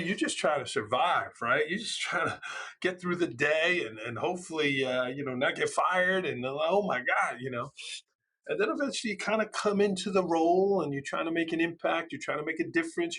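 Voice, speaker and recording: A middle-aged man, a school administrator telling stories in a passionate, loud, conversational way. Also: a little high, a little fast. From New York. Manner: passionate, loud, storytelling with animated quoted voices. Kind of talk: conversational interview.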